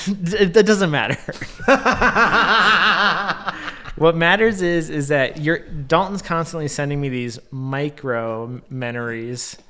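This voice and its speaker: A man's voice: a little high, slow, sharp tone. A man co-hosting a podcast, chatting casually and joking with frequent laughter. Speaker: podcast co-host. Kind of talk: casual chat.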